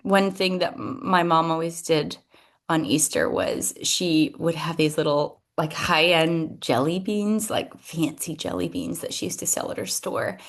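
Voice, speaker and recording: A woman hosting a solo podcast, talking through a personal reflection in a hesitant, emotional way, with restarts and soft laughs. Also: deep voice, animated, measured pace. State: tearful at moments. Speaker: podcast host.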